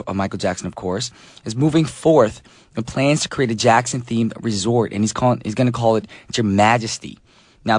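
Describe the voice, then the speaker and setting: Hoarse radio DJ, chatty. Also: male voice, medium pitch, no room sound, studio quality. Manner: chatty, joking, many fillers. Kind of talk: casual radio chat.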